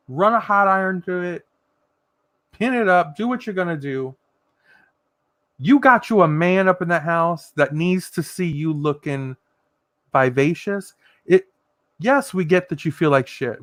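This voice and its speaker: A man's voice: fairly high pitch, no echo. A man hosting a casual livestream, reading out viewers' comments and giving sassy, profane pep talks. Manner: lively, swings between loud and soft. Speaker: livestream host.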